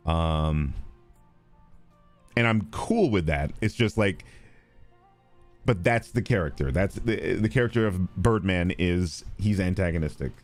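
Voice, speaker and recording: A man streaming live, chatting casually and responding to viewers, animated and blunt, with frequent swearing. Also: measured pace, pauses often, soft background music. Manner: animated, swings between loud and low, swears freely.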